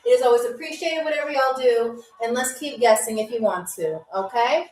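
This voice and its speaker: High-voiced woman hosting a live trivia stream. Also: fairly quick, a little mellow. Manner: chatty, greets viewers by name. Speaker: game show host. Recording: roomy echo, distant mic, faint music. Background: faint music from a DJ.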